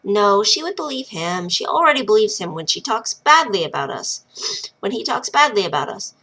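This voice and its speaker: A woman's voice: medium pitch, sing-song, normal speed, sharp tone, breathy edge, heavily acted. A woman putting on a sweet little boy spirit. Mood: scheming. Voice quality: sweet childlike voice.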